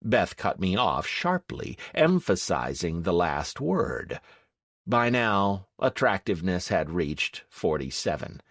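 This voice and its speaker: A male narrator reading a fantasy audiobook with a lowish voice and lively, swinging pitch. He takes his time, leaning into the drama of each line. The sound is dry and close to the mic. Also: takes it slowly, no room sound. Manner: expressive, dramatic.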